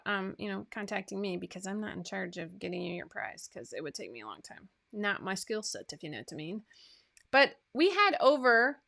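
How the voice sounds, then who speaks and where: A woman's voice: medium pitch, creaky, pushed and bright. A woman hosting a sewing pattern livestream in a casual, chatty way, reading out winners with asides. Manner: chatty, asides and fillers between list items.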